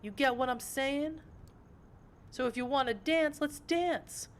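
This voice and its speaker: A woman's voice: sits high, measured pace, voice pushed up. A woman voicing a menacing male street-tough vampire thug who swaggers, curses and threatens. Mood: threatening.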